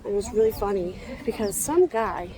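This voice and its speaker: A woman's voice: medium pitch, expressive, fairly quick, crowd noise, low-quality recording. A young woman talking to her phone camera as she walks around a zoo outdoors, rambling and sighing, exhausted. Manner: rambling, tired, sighing often. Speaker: vlogger. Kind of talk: rambling vlog chat. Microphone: handheld phone camera.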